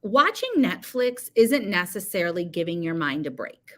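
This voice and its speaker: A woman's voice: on the low side, very animated, moderate pace. A woman speaking as a guest, explaining productivity tips in a chatty, conversational way with everyday examples. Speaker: guest speaker on teacher coaching. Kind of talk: conversational advice-giving.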